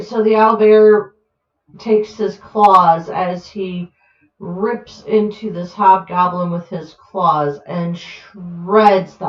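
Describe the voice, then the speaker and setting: A woman narrating a tabletop game as game master, slow and hesitant with vivid, gory descriptions. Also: lowish voice. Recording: roomy, muffled home recording.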